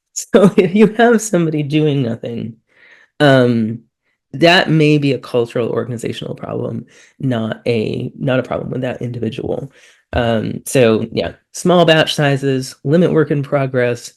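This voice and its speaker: A woman speaking on a webinar panel, impassioned and quick to get worked up, with frequent "um" fillers. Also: a bass voice, gravelly.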